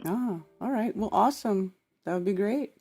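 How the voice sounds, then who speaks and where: A woman hosting a call-in show, talking with callers in a relaxed, easygoing way. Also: medium pitch, moderate pace, soft background music. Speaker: host.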